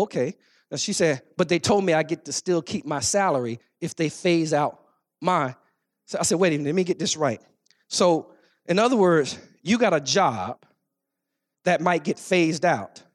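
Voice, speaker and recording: A male pastor preaching a sermon, telling a story and rising into shouted exhortation, with speech. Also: on the high side.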